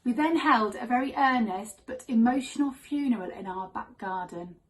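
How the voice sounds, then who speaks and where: Wry woman storyteller, somewhat high voice. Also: normal speed, poor audio. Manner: deadpan, wry. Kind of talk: live comic storytelling.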